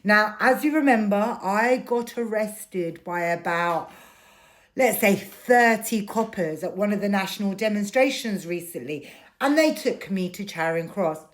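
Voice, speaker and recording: A woman's voice: medium pitch, lively intonation, a little slow. Middle-aged woman w a ranting to camera, really emphatic. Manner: indignant, emphatic. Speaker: vlogger. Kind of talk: ranting personal storytelling.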